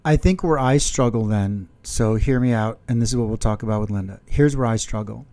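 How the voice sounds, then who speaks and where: A man's voice: on the low side, fairly quick, dark tone. A man co-hosting a podcast with his partner, talking earnestly about their fights and acting out both sides. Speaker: podcast co-host. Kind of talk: candid couple's chat.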